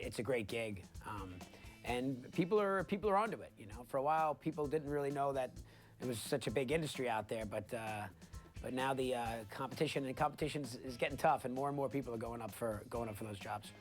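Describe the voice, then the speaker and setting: A man in an interview talks slowly through his thoughts, pausing and restarting, at a middle pitch. Faint music runs quietly underneath him.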